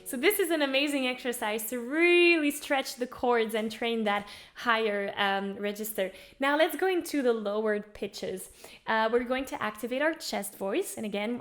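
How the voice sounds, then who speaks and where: A woman vocal coach guiding singers through warm-up exercises, encouraging them and demonstrating by singing along. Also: fairly high pitch, normal speed. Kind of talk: guided vocal warm-up lesson. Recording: faint piano music under voice. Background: piano accompaniment.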